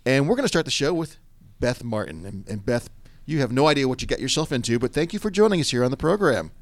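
Lively male radio talk host. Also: medium pitch, fast talker, no room sound. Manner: jokey, teasing, lively. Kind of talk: casual radio talk show banter. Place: radio studio.

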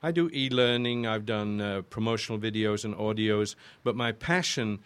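An older man with an English accent, chatting as an interview guest. His voice sits fairly low and he rambles warmly through long stories, often restarting his sentences. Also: normal speed, clean tone. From Yorkshire, northern England. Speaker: guest voice actor. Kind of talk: casual interview chat.

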